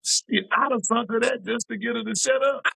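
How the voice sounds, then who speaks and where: A man's voice: very high-pitched, brisk, gravelly, sharp tone, breathy edge. A man co-hosting a talk show in a laid-back, slangy, opinionated chat. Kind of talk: casual podcast chat.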